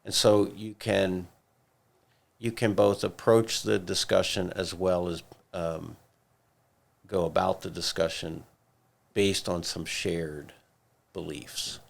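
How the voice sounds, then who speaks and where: On a church podcast, a man with a low, gravelly voice works through ideas in casual discussion. His explanations are steady and measured, with occasional pauses to collect his thoughts.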